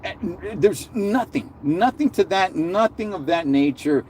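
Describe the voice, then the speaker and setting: A man's voice: high voice, lively intonation, unhurried, a little mellow, a little hiss or hum. A man hosting a live stream, ranting in a heated, sarcastic way with slang and lots of repeated words.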